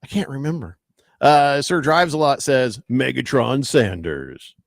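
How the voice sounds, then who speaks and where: A man hosting a sports talk radio show, reading listener texts aloud and riffing in animated banter. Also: on the high side, normal speed, no room sound, studio quality.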